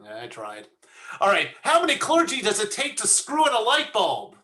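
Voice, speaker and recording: A man's voice: extremely high pitch, big pitch swings, brisk, bright, forceful tone. A man leading an online service as rabbi, chatty and joking with corny puns over a video call. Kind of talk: casual online service hosting.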